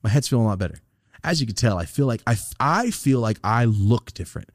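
A man's voice: mid-range voice, quick pace, dry recording, clean studio sound. A man hosting a podcast, chatting casually and swearing a lot, telling stories and acting out what people said. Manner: animated storytelling, swears a lot, acts out quotes. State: recovering from a sinus infection. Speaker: podcast host.

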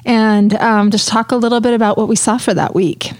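A woman's voice: on the high side, a little fast, a little mellow, dry recording, studio quality. A woman co-hosting an interior design podcast, chatting casually and playfully. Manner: chatty, laughs often, playful. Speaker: podcast co-host. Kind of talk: casual chat.

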